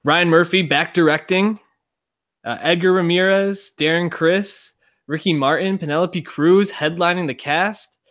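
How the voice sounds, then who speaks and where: A man co-hosting a podcast in easygoing casual chat with quick asides. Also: sits high, steady tone, fairly bright tone. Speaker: podcast co-host.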